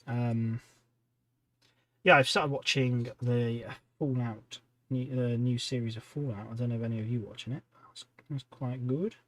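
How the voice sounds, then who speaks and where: A man's voice: mid-range voice, moderate pace, dry recording. A man hosting a hobby livestream, chatting casually and rambling between tasks while he paints miniatures at home. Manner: relaxed rambling, talks to chat viewers between tasks.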